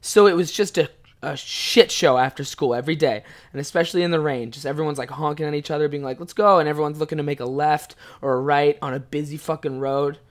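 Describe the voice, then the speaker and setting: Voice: medium pitch, fairly even intonation, fast talker. Profane rambling podcaster in their twenties. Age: 20s. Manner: profane, rambling, laughs often. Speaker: podcast host. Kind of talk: casual solo storytelling.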